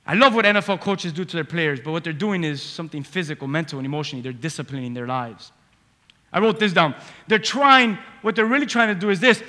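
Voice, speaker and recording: A man preaches a sermon in a church with a long reverberating hall sound around him. His voice sits high and bright, and he swings from forceful emphasis to quiet asides, slipping into little character voices as he tells a story. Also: fast. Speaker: pastor. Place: church sanctuary. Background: congregation.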